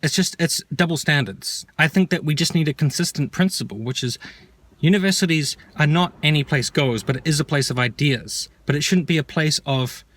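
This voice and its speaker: A man's voice: on the high side, brisk, a bit bright. A man ranting heatedly in an opinion vlog, sarcastic and profane. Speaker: vlogger. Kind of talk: angry opinion rant.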